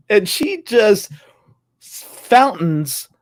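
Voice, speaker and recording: A man's voice: high-pitched, big pitch swings, drawn-out words, dry recording. A man co-hosting a casual chat show, telling a family story in an easygoing way and chuckling along. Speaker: co-host.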